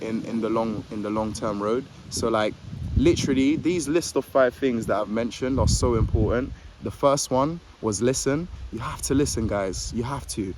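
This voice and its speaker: Jittery guy vlogging in a park. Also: medium pitch. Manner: rambling, filler-heavy, says "like" a lot; a little jittery, stammers on words. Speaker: vlogger giving advice. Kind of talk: casual advice vlog to camera. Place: outdoors in a park. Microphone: phone or camera held facing him. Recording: outdoor street noise with passing traffic.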